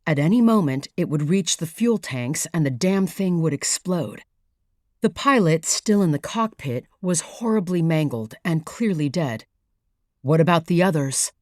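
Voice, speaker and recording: A woman reads a thriller audiobook in a low, deliberate voice, taking her time over each line. Her measured, even storytelling is close-miked and dry, with no room around it. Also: no room sound. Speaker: audiobook narrator. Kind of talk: scripted narration.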